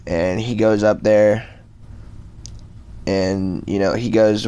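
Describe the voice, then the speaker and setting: A young man tells a story from his school days in a loose, rambling way. His voice sits fairly low, and he keeps filling gaps with loose filler words and casual swearing. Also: fairly even intonation, takes it slowly, long pauses, darkish tone, clean tone. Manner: rambling, laid-back, full of fillers and swearing. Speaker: vlogger telling a school story.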